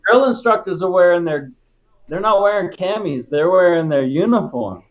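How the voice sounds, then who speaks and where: A man's voice: high voice, expressive, normal speed, narrow, tinny audio. Laid-back, profane man from Texas. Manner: profane, laid-back, peppers talk with "dude" and "right?". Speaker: guest, former Marine. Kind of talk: casual storytelling interview.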